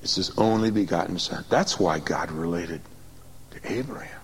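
A man preaching a sermon, swinging from excited high bursts to quiet low reading, calling on the congregation to repeat after him. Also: moderate pace, a little hiss or hum, poor audio. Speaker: pastor.

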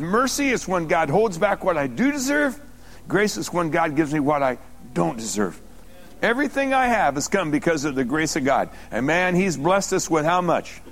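Pastor guy preaching hard, high voice that jumps all over, asks the crowd stuff and yells sometimes. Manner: preaching with call-and-response questions and sudden shouts. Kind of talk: sermon.

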